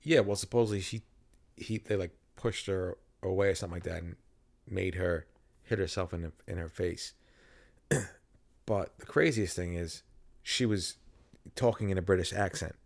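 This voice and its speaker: Gravelly low-voiced man, casual podcast host. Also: moderate pace, long pauses. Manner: playful, teasing.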